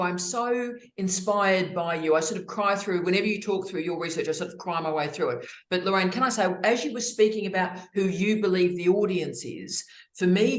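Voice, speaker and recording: A middle-aged woman hosting an online discussion, talking in an effusive, expressive way over a video call. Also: on the low side, echoey room. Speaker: host. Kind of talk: casual webinar discussion.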